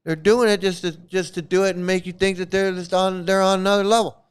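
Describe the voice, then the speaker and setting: Male vlog host, fairly high smooth voice, loose rambling delivery with restarts, blunt and coarse. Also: level tone, quick pace. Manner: rambling, repeats and restarts words; blunt and profane. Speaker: commentary channel host. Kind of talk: casual rambling commentary.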